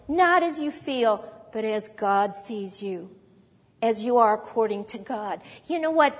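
A woman preacher in a church, giving a sermon in an animated storytelling manner with conversational asides. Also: high-pitched, long reverb tail.

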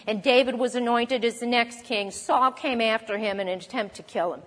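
A woman teaching a sermon on a psalm, expressive and lively, acting out quoted lines. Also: on the high side, normal speed, big-room sound. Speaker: Bible teacher.

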